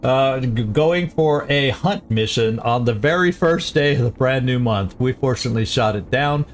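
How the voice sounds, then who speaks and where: A man's voice: mid-range voice, animated, moderate pace, slight background noise. A man hosting a channel who comments on a strategy game, thinking aloud and correcting himself as he plans moves. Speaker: gaming channel host.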